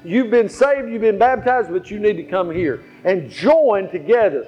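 A man's voice: high voice, lively intonation, normal speed, a little mellow, breathy edge. A male pastor preaching a sermon, telling stories and repeating phrases for emphasis. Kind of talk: sermon with storytelling. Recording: slightly dull, faint guitar behind.

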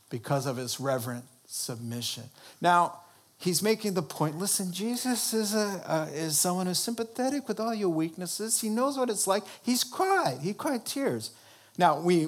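A man preaches a sermon, putting questions to the congregation and rising into high, emphatic bursts to drive his points home.

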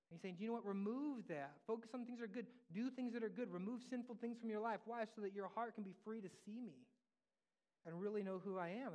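A man's voice: high-pitched, a little mellow. A man preaching a sermon as pastor, in a conversational style that acts out quoted voices. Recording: long hall reverb.

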